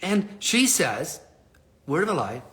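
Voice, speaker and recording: Man, fairly high and bright voice, lively live-stream storyteller with laughs and casual swearing. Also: takes it slowly. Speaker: motivational speaker.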